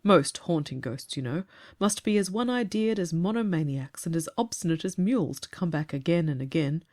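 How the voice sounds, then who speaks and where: A woman voicing Clayton, an earnest storyteller gentleman. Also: fairly low pitch, animated. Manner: measured, earnest, slightly aggrieved. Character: calm grown man telling a ghost story. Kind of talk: storybook reading.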